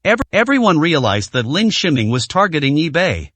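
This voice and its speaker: A man narrating a serialized web novel aloud with an even, steady read and the odd slip. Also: a little high, normal speed, no room sound. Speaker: audiobook narrator.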